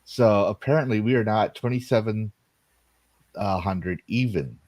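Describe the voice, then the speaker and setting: A man's voice: on the low side, unhurried, a little mellow, dry recording. A man hosting a casual livestream chat, rambling along and reading out viewer donations between stories. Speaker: stream host.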